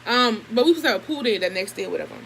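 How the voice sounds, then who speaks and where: A young woman vlogger telling a story in a casual, animated and heavily profane way. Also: fairly high pitch, rapid-fire, vocal fry, a little hiss or hum, low-quality recording. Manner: profane, animated, emphatic retelling.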